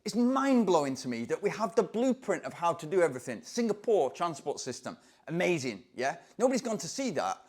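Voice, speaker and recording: Animated man, slightly high voice. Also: a little fast, hardly any pauses. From England. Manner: animated, excitable, acts out voices in anecdotes. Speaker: running coach. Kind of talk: casual storytelling to camera.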